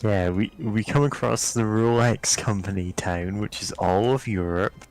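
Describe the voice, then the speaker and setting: A man's voice: on the low side, steady tone, a little slow. A man chatting casually over a game, making dry, wry remarks. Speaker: let's play co-host. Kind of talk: casual gameplay chat.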